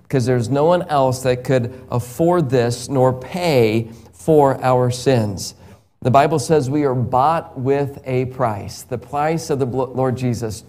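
Male evangelist, one-on-one gospel talk; slow, emphatic delivery with frequent chuckles. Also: medium pitch, darkish tone.

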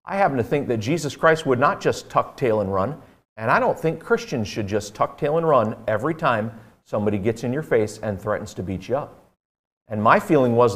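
A man's voice: medium pitch, lively intonation, a little fast, fairly bright tone. Earnest man preaching a sermon. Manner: earnest, conversational preaching with frequent fillers. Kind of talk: sermon with personal story.

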